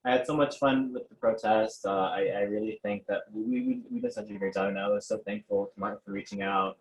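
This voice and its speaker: Low-voiced young man, hesitant storytelling. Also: big pitch swings, fairly quick, gravelly, poor audio. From Mexican heritage. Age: teens. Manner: hesitant, many restarts and fillers, laughs often. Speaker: interviewee, protest organizer. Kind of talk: casual conversational interview.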